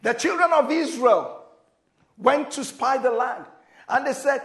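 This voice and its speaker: Speaking a little slowly and expressively, a high-voiced male pastor delivers his sermon, alternating hushed, intimate asides with bursts of shouted prayer. Quotes from scripture get dramatic voicing, all ringing with church-hall echo.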